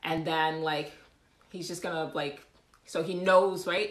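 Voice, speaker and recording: A woman hosting a casual livestream, talking in an animated way with frequent laughs, fillers and restarts. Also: low-pitched, unhurried, echoey room. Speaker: livestream host.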